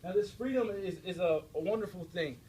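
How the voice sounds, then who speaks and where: A young American man giving an energetic, direct faith talk to a student audience, often checking in with his listeners. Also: high-pitched, fairly quick, husky, low-quality recording. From United States. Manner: energetic, direct, preachy, with frequent checks like "all right?". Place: university room before an audience.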